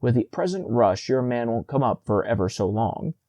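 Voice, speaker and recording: A man reading the part of Death, a calm, wry spirit, in a dry, unhurried way. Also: medium pitch, lightly acted.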